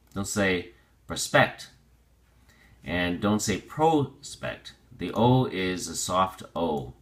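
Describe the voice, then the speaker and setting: A man teaching a vocabulary lesson, drilling pronunciation slowly and restating each point in other words. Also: low-pitched, sharp tone. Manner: slow, deliberate pronunciation drills; explains with repetition and restatement.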